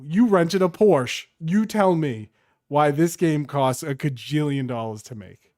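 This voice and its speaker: A man's voice: a little high, dry recording, studio quality. A young adult man co-hosting a casual gaming podcast, riffing and mocking company voices. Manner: animated, quick to act out mocking voices. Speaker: podcast co-host. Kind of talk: casual chat.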